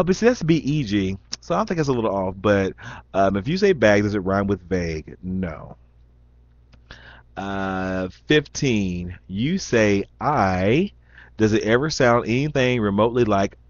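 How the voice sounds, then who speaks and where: A young vlogger with a slight Southern Indiana accent and a fairly low voice rambles casually while reading questions aloud, full of ums and restarts. The recording is dry, dull and lo-fi, with no echo.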